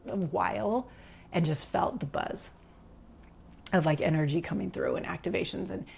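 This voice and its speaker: Low gravelly woman telling a personal story. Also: moderate pace. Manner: animated, reenacts quotes, drops to whispers. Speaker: podcast guest.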